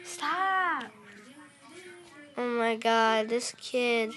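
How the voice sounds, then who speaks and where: Bright, high-voiced excitable female gamer. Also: takes it slowly. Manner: excitable, keeps calling out to viewers. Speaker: gaming video host. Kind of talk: casual game commentary.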